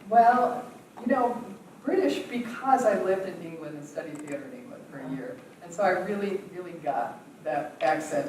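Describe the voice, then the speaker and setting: A woman's voice: lowish voice, darkish tone. A woman from the United States leading an acting workshop, answering questions in a chatty way with many fillers and frequent laughs. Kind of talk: casual Q&A teaching. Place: theatre workshop room. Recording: roomy, distant, faint noise.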